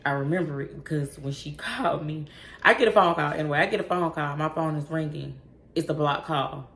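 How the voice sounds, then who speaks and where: A woman vlogger telling a casual story in a blunt, profane, animated way, recorded in an echoey room with faint noise. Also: deep voice, a little fast.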